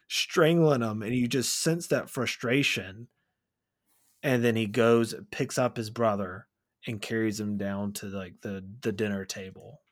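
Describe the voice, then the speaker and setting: A man co-hosting a movie podcast, earnestly and emotionally retelling scenes in casual review chat. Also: on the low side. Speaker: podcast co-host.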